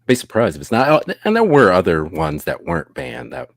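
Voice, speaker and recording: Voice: medium pitch, sing-song, fairly quick, gravelly, dry recording. मज़ाकिया लाइव-स्ट्रीम सह-होस्ट. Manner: laughs often, dry joking remarks. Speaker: co-host. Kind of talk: casual live-stream chat.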